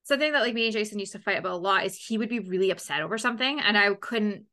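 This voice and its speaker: A woman's voice: medium pitch, very fast, bright, forceful tone. A woman hosting a casual interview over a video call, chatting in a bubbly, upbeat, storytelling way. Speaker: podcast host.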